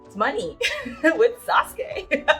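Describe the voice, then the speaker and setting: A woman vlogging an unboxing, excitable and giggly, talking to herself as she opens gifts. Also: medium pitch, unhurried, soft background music. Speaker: manga YouTuber. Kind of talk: unboxing vlog, reading a card aloud.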